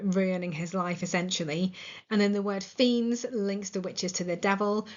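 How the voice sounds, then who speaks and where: A woman's voice: medium pitch, highs cut off. Northern Irish woman teaching literature. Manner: enthusiastic, explanatory, with frequent ums. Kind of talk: explaining a play line by line.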